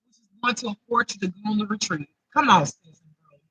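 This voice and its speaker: A man's voice: high voice, animated, fast, sharp tone, slightly rough, no echo, poor audio. A man giving an improvised spiritual reading to viewers, emotional and close to tears, repeating himself in a chatty way. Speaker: intuitive spiritual reader.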